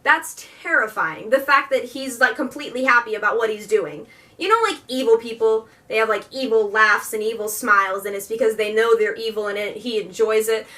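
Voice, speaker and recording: Bright, high-voiced young woman gushing. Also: fairly even intonation, brisk, far from the mic. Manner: rambling and gushing, many "like" fillers. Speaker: book vlogger. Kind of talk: casual book review chat.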